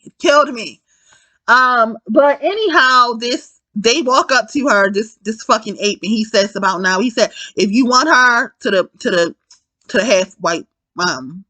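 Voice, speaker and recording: A woman giving a casual spoken film review, animated and profane, often repeating herself and correcting her words. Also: a little high, normal speed, no echo.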